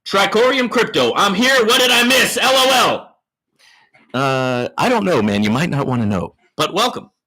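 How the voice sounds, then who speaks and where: A man hosting a live Q&A stream, giving loud, hyped shout-outs to viewers in the chat and teasing them boastfully. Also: sits high, lively intonation, normal speed, noisy background. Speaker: livestream host.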